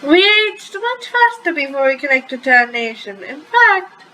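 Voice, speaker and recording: A cheerful, teasing young man with a chirpy, eager delivery, as a woman reading a story puts him on. The voice sits high and bright and moves slowly. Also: very animated, slight background noise, full character voice, poor audio.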